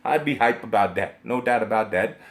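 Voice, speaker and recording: A man's voice: fairly low pitch, brisk. A young man ranting on a live stream about video games, profane and emphatic, repeating himself and laughing between points. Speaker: gaming streamer.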